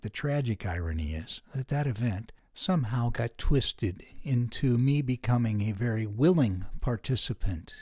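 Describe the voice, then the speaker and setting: Mellow, earnest older man reflecting. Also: medium pitch, no echo, clean studio sound. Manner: soft-spoken and earnest, with gentle hesitations. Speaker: podcast host. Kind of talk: reflective personal testimony.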